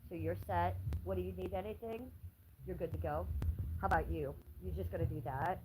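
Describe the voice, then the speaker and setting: An American woman with a lowish voice chats casually as she walks her house on a livestream. She slips into cooing baby talk with her pets. A faint hum of room noise sits behind her, and the mic is carried around. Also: steady tone, brisk. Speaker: livestream host. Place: house, indoors and on the porch.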